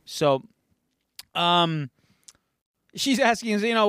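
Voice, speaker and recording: A man's voice: sits high, very animated, moderate pace, pushed and bright, dry recording, studio quality. A man co-hosting a podcast, recapping a show in playful, jokey chat with many fillers. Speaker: podcast co-host. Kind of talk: casual pop-culture recap chat.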